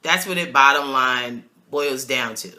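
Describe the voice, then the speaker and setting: A woman's voice: extremely low pitch, unhurried. A woman with a New York accent hosting a casual TV recap, opinionated and slangy. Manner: opinionated, slangy, animated with laughs. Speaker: TV review host.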